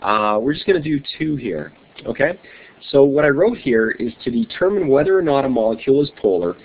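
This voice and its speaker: A man's voice: mid-range voice, sing-song, fairly quick. A middle-aged man teaching a chemistry lesson to an online class, friendly and chatty, reading his notes aloud. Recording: tinny phone-like online class audio.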